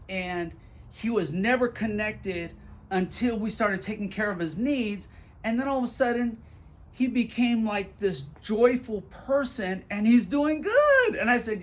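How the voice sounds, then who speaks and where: A man, a school principal, telling stories in an animated update video for donors and acting out the quotes. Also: high voice, unhurried. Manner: warm, animated storyteller who acts out quotes.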